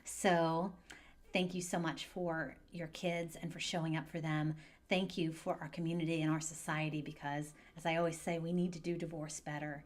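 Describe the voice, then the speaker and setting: A woman coaching parents through divorce in a calm, gentle and measured way, speaking straight to her viewers in an advice video. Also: deep voice. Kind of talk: direct-to-camera advice video.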